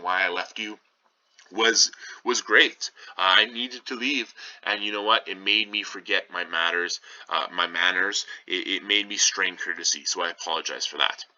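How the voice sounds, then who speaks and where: A man's voice: low voice, pushed and bright. A man reading as a polite, lovestruck young nobleman. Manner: casual modern paraphrase of old lines. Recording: slightly dull lo-fi sound.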